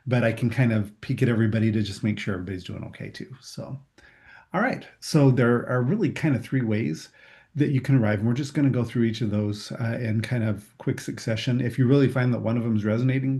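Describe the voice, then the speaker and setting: A man leading a group through a guided meditation, calm and gently reassuring. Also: medium pitch, fast. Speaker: meditation instructor. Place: room with a group.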